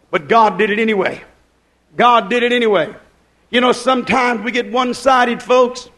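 A man preaching a sermon, stretching his phrases and rising to shouted peaks. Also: extremely high pitch.

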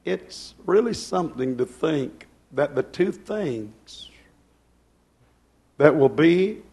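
A man preaching to a church congregation, fervent, swinging between loud outbursts and hushed asides. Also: fairly high pitch, lively intonation, takes it slowly, breathy edge. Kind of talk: Pentecostal-style sermon. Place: church service.

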